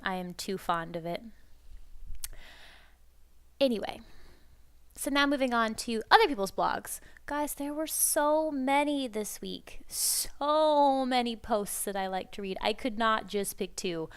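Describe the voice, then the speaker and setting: A woman hosts a casual podcast, talking in a rambling, bubbly way full of fan enthusiasm. Her voice is smooth and clean, pitched in an ordinary middle range. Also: a bit bright. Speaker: podcast host.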